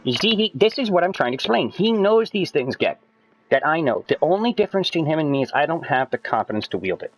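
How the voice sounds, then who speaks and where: Fast-talking, fired-up man lecturing friends. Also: on the high side, slight background noise, rough recording. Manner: lecturing, excitable, swears a lot, voice climbs when worked up. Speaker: streamer. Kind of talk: casual chat with friends while gaming.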